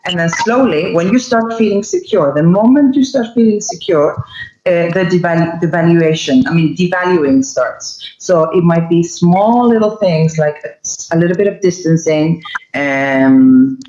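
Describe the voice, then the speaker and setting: Woman guest, emphatic explainer; roomy, dull remote line with loud hiss behind her. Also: lowish voice, normal speed. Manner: emphatic, acts out quoted lines. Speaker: podcast guest. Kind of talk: explanatory casual talk. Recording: roomy muffled mic with loud background noise.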